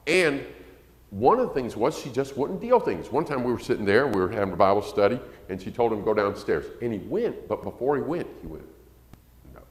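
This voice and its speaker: A man preaching a sermon in a folksy, conversational way, his pitch rising and falling freely. He sometimes acts out quoted parents in a shrill voice. The sound carries the long reverb of a roomy church hall. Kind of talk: sermon lesson to a congregation.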